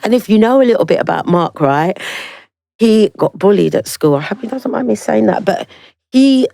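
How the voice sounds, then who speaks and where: A woman in her sixties with a London accent, a guest singer telling her story in a lively, animated way and acting out other people's voices. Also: medium pitch, moderate pace, creaky, dry recording. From South London, England. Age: 60s. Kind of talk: casual interview chat.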